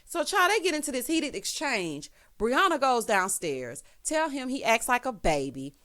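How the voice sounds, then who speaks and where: A woman giving a casual, sassy recap of a reality TV episode, with animated asides. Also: a little high, normal speed. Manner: sassy, animated, with frequent exclamations. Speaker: TV recap vlogger.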